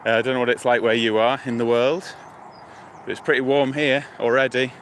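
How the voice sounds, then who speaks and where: A British live-stream vlogger walks beside a lake and river close to a motorway, holding his phone and chatting loosely with viewers as he thinks aloud. His mid-range voice moves briskly, and outdoor traffic hums in the background.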